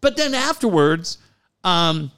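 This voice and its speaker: A man's voice: high voice, sing-song, slow, fairly bright tone, smooth. A man co-hosting a podcast, telling stories in a casual chat, swearing freely and laughing as he goes. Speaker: podcast co-host.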